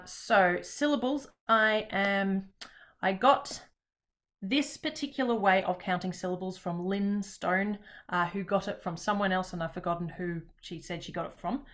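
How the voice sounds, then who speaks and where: A woman presents a teaching workshop on a video call. Her voice sits at an ordinary middle pitch, and she speaks in a loose, chatty way with many pauses. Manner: relaxed, chatty, with frequent pauses. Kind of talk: online webinar presentation.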